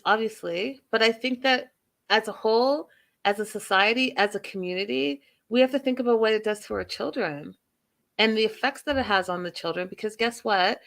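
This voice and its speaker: A woman's voice: medium pitch, fairly bright tone. A woman hosting a reality TV recap and review. She talks with strong emphasis, repeating phrases and firing off rhetorical questions at her listeners. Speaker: host. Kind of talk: TV show recap and commentary.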